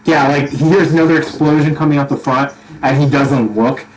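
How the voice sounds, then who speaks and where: A man's voice: medium pitch, fairly even intonation, a little fast, very noisy. A young man narrating as dungeon master, who laughs often and restarts his sentences. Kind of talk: narrating a tabletop game.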